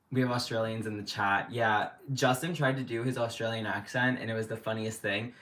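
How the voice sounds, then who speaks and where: A man's voice: on the low side, bright, forceful tone. A young man chatting casually on a livestream at home, rambling with lots of "like" fillers. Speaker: livestream host. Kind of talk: casual chat. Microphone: livestream setup.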